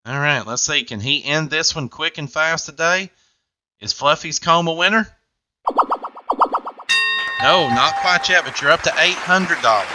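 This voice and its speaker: A man's voice: a little high, measured pace, long pauses, sharp tone, faint music behind. A man hosting a game show, with upbeat, jokey patter.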